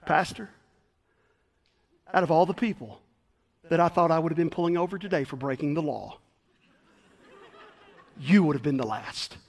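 A man voicing a tall male state trooper who speaks in a calm, dry, low-key way. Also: moderate pace, long pauses. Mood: teasing.

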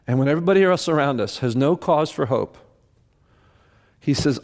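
A man preaching a sermon as a pastor, earnest and emphatic, sometimes softening to a hushed voice. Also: a little high, expressive, normal speed, pauses often.

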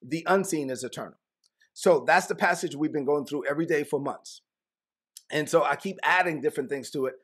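A man preaching a sermon in a lively way, slipping into casual slang as he acts out scenes. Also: a little high, brisk, husky. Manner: animated, acts out biblical dialogue in casual slang. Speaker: pastor.

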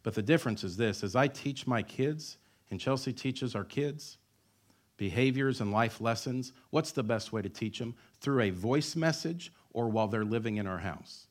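A male pastor in his thirties preaches in a church with a middle-pitched voice. He drives his points home with emphatic repetition and slips in joking asides. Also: moderate pace. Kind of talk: sermon.

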